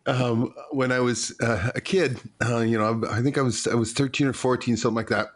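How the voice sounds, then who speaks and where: A man from Canada chatting casually as a host, halting and restarting often. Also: mid-range voice, fairly even intonation. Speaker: interviewer, show host. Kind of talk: casual chat.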